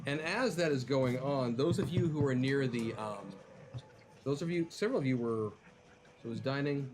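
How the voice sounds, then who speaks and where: A man running a tabletop game on a live stream, narrating in a rambling way with lots of fillers and quick asides. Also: medium pitch, darkish tone, a little hiss or hum. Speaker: game master.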